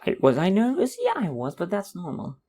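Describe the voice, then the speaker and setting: A man's voice: high voice, huge pitch swings, a little fast, warm tone, husky. Young man ranting casually on a podcast. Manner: rambling, sarcastic rant with mocking put-on voices. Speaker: podcast host. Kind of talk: casual monologue.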